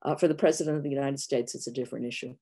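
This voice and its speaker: A woman's voice: extremely low pitch, steady tone, rapid-fire, dark tone. A woman in her sixties from New York, a professor answering questions frankly on a video call, with many fillers. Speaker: guest professor. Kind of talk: online Q&A answers.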